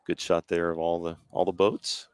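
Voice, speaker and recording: Male play-by-play announcer, easygoing with relaxed asides, lower voice, dry close sound. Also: smooth, no echo. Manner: easygoing, agreeable, fills with quick asides. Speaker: play-by-play commentator. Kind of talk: sports broadcast commentary.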